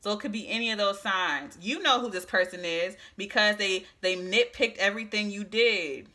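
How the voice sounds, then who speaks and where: A woman giving a casual, emphatic psychic tarot reading, talking straight to the viewer with frequent restarts and a slightly hoarse voice. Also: medium pitch, moderate pace, bright, forceful tone. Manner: chatty, emphatic, restarts often. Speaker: tarot reader.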